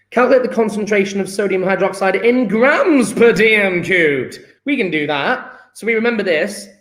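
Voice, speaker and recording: Male tutor, higher register; cheerful think-aloud delivery reviewing exam problems. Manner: upbeat, thinks aloud while calculating. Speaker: chemistry teacher. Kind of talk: talking through exam questions.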